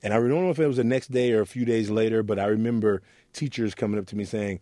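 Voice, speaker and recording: A man from Oakland, a youth mentor, telling his story in an interview with earnest warmth and acting out the voices in it. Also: medium pitch, expressive, fast talker, no room sound, clean studio sound. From Oakland, California. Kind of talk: reflective interview talk.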